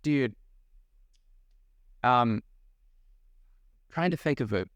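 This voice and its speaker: A young man co-hosting a podcast in casual chat, animated and laughing often, with quick swings in pitch. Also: dry recording. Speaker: podcast co-host.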